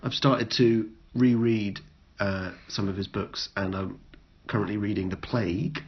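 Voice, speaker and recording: A man co-hosting a casual podcast chat, wry and dry, often breaking off and restarting sentences. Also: steady tone. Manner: wry, dry joking, talks in halting restarts. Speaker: podcast co-host. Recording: muffled low-fi sound with some noise.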